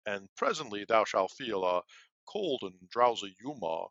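A man's voice: fairly low pitch, sing-song, unhurried, vocal fry, fairly bright tone, dry recording, exaggerated voice. A man doing a theatrical voice for an apothecary who hands over poison. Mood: sinister. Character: creepy old apothecary handing over poison. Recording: dull, lo-fi and dry.

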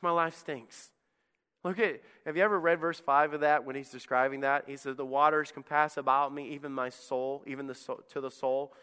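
A male pastor delivering an impassioned sermon, rising to loud appeals and dropping to hushed, quiet lines. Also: mid-range voice, fairly even intonation, normal speed, clear, resonant tone. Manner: impassioned preaching, swings between loud and hushed. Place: church sanctuary. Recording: long reverb of a church hall.

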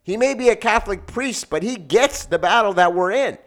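A man's voice: sits high, animated, normal speed, a bit bright. A man hosting a commentary show, earnestly introducing a clip.

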